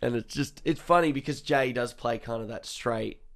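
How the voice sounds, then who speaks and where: A man's voice: medium pitch, moderate pace, creaky. A man co-hosting a film review podcast in casual chat, rambling and often trailing off mid-thought. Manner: rambling, trails off, restarts sentences. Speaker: podcast co-host.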